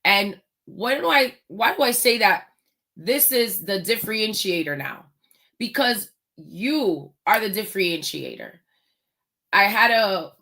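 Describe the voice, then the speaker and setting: A woman hosting a motivational talk, speaking slowly and emphatically and pausing on pointed rhetorical questions. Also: medium pitch, sharp tone. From United States. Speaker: host.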